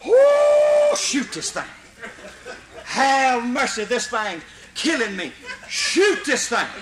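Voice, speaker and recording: A man with a Mississippi accent voicing an old country tree climber who shouts and squalls in panic. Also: very animated, unhurried, roomy sound, heavily acted. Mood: panicked. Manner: wild high-pitched hollering, shouting for help.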